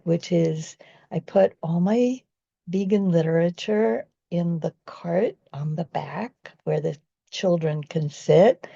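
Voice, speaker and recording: A woman's voice: deep voice, creaky, warm tone, husky, no echo, lo-fi sound. A woman and vegan activist telling a personal story in an earnest, rambling way, often restarting her sentences.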